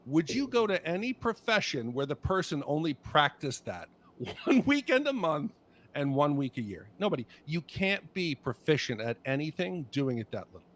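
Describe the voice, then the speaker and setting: A man's voice: fairly high pitch, sing-song, moderate pace. A man co-hosting a casual movie podcast, talking passionately and bluntly, swearing freely. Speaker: podcast co-host.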